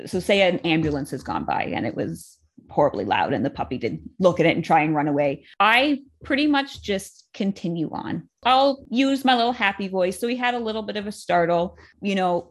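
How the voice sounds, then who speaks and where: A woman with a notably low voice talks through her training methods in a relaxed, chatty way. She explains step by step and fills her sentences with casual "like"s. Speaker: dog trainer, co-host.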